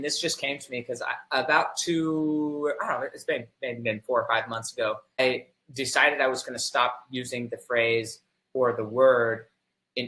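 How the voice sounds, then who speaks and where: A man's voice: medium pitch, sharp tone, roomy sound, poor audio. A man in a casual faith podcast conversation, thinking aloud and searching for the right words.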